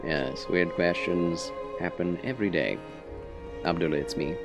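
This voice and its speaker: Deep, slow-talking male game streamer. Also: over music. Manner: polite, formal, gentlemanly phrasing. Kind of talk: casual game stream commentary.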